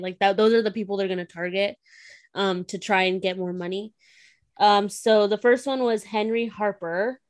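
A woman's voice: medium pitch, darkish tone, dry recording. Young woman, casual book-club host, chatty with lots of fillers, dry close recording. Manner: chatty, filler-heavy, laughs often.

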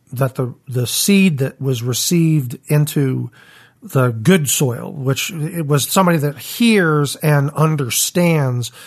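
Husky man thoughtfully discussing scripture. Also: fairly high pitch. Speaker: Bible discussion co-host. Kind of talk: conversational Bible teaching.

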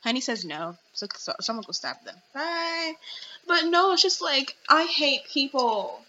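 A woman's voice: high-pitched, expressive, measured pace, bright, forceful tone, lo-fi sound, a little hiss or hum. A young woman hosting a casual podcast, ranting with exasperation and reading out chat messages. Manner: indignant, exasperated, reads chat messages aloud. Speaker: podcast host.

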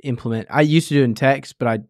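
A man's voice: mid-range voice, fast, darkish tone, dry recording. Joking easygoing man, dry close sound. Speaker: podcast co-host and youth minister. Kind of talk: casual chat.

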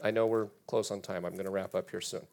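A man's voice: deep voice, fairly even intonation, fast, darkish tone. A man preaching a sermon in a church, reading scripture aloud and asking his congregation rhetorical questions. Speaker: pastor.

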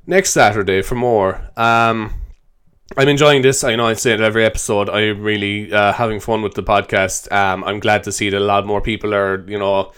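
Rambling, swearing Irish podcast host. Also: male voice, lowish voice, clear, resonant tone. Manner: rambling, swearing, self-mocking. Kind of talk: solo comedy improv podcast.

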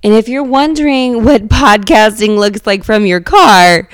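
A woman's voice: medium pitch, a little slow, smooth, no room sound. Sarcastic woman podcasting from her car. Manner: sarcastic, rambling, swears freely. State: under the weather, nasal. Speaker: podcast host. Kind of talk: casual comedic monologue. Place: inside her car, driving. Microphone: handheld microphone.

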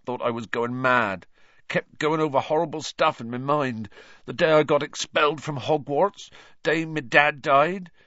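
A man voicing a huge, gruff half-giant gamekeeper who speaks in rough dialect, tearful and gloomy, for an audiobook. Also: on the high side, measured pace, sharp tone, dry recording, lo-fi sound, pitched above the performer's own voice.

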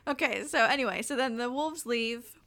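A woman's voice: a little high, moderate pace. A woman co-hosting a podcast, chatting casually as she recaps a film scene by scene and acts out the characters' lines. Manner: animated storytelling with acted-out quotes and laughter. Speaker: podcast co-host.

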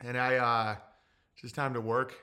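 A man in his forties talks on his livestream with a bright, forward tone, tearful and halting. His speech stumbles through fillers and restarts, and he swears bluntly as he reads chat. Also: mid-range voice, level tone. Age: 40s. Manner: profane and blunt. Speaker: livestream host. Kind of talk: casual livestream talk reading chat.

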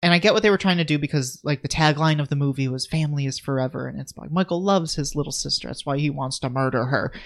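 A man's voice: fairly high pitch, fast talker, creaky, hardly any pauses, fairly bright tone. A man co-hosting a podcast, recapping a horror film in casual, joking chat full of fillers. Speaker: podcast co-host.

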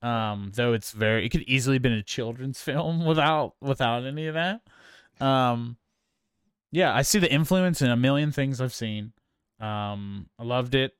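A man's voice: medium pitch, moderate pace, smooth, no echo, studio quality. A man co-hosting a casual film review chat, rambling with many fillers and restarts. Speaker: podcast co-host.

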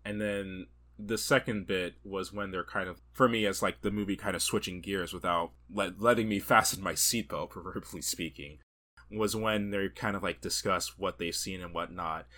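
A man co-hosting a podcast, chatting casually about a film, animated and quick to laugh. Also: deep voice. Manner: animated, laughs often, acts out quotes. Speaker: podcast co-host. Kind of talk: casual movie review chat.

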